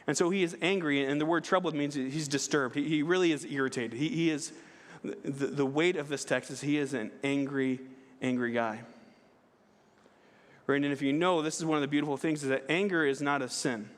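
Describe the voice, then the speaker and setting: A man with a fairly high voice preaches in a church sanctuary. He talks conversationally, with frequent restarts and a checking "right?". Long reverb from the hall trails behind him. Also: fairly even intonation, brisk. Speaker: pastor. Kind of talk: sermon.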